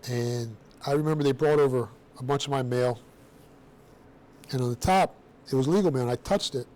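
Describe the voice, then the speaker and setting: A middle-aged man telling his own story to a room of students in a blunt, streetwise, animated way, with casual slang. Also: mid-range voice, normal speed. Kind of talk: personal storytelling talk to students.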